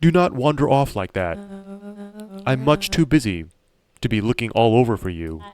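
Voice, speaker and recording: A snobbish, bossy young heiress, as a man reads her who lectures slowly and imperiously. Her pitch moves freely as she talks down to others. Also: very animated, a little mellow, soft background music, close to an everyday voice. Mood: haughty. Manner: imperious, slow lecturing delivery.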